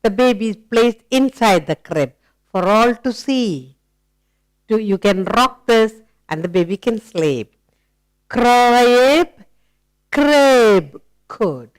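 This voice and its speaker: A woman leads a children's phonics lesson at an unhurried pace, drawing each word out. Her voice is smooth and clear, and she coaxes answers with questions and warm praise. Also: medium pitch, expressive, low-quality recording. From India. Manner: slow, coaxing, asks questions and praises. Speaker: teacher.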